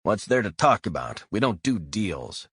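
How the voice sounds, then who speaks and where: A man's voice: lowish voice, very animated, a little slow, fairly bright tone, husky, no room sound, studio quality, pitched above the performer's own voice, exaggerated voice. A man voicing a stern male bureau director who speaks curtly and with rigid authority. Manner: authoritative, curt, by-the-book.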